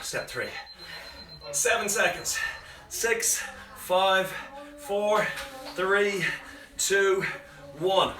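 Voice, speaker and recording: A man's voice: sits high, bright, forceful tone, distant mic, slight background noise. A man coaching a live home workout, calling out countdowns with energy while exerting himself and breathing hard. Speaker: fitness coach. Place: home room. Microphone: phone camera at a distance. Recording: echoey room, voice off-mic, faint music.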